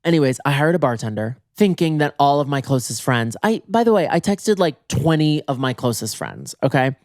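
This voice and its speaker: A man hosting a podcast, telling a comedic story on his own in a casual, animated way, swearing freely and putting on exaggerated pitch jumps for quoted people. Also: a little fast, no room sound, clean studio sound. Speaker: podcast host.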